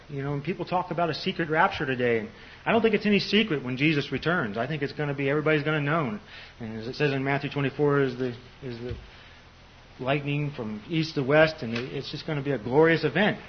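A man's voice: fairly high pitch, a little hiss or hum. An older man teaching on a Bible passage in a conversational sermon, full of "you know" fillers and restarts. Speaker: preacher. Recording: slightly dull lo-fi recording.

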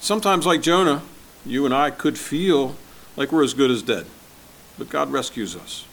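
A man preaching a sermon as pastor, conversational and asking his listeners questions, swinging between loud and soft. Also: mid-range voice, lively intonation, normal speed, vocal fry. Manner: conversational, asks the congregation questions.

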